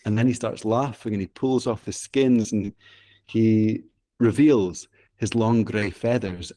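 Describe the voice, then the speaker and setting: In an interview, a storyteller guest from Scotland recounts a traditional tale in his Scottish accent. His voice is mellow and on the low side, and his telling is vivid and rhythmic, with phrases repeated for effect.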